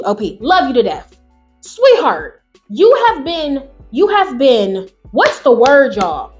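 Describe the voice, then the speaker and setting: A woman host reading online stories aloud in a quieter voice, then breaking into loud, exclamatory rants full of swearing. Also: sits high, big pitch swings, slow, faint music behind. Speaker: channel host.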